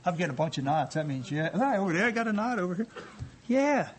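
In a church sanctuary, a man with a high, bright voice preaches quickly, switching between joking asides to the congregation and scripture read aloud. He stays animated and conversational throughout, with slight background noise.

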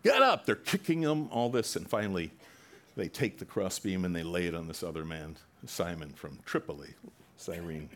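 Male preacher, very low voice, dramatic scripture retelling with loud bursts. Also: fairly even intonation, normal speed. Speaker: pastor. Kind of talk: sermon.

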